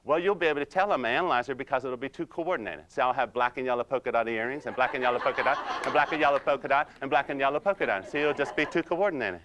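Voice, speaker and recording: A man playing a quiet, precise, nerdy analyzer-type husband in comedic role-play, slow and hesitant with many ums and "you see?". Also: medium pitch, slight background noise, close to an everyday voice. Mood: deadpan nerdy. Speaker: personality-styles trainer.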